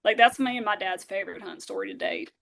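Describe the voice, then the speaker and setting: A woman, a podcast guest telling a lively story and acting out the voices of those in it. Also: medium pitch, fast talker. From Southern Alabama. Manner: animated, acts out dialogue, many fillers. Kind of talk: storytelling in casual interview.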